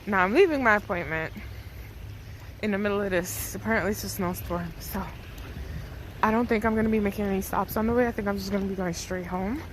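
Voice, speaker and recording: A woman's voice: mid-range voice, a little fast. A Canadian woman vlogging casually from the snow and her car, chatty and self-mocking, laughing often. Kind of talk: casual vlog chat. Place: outdoors in snow, then in a car. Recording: noisy outdoor and car ambience.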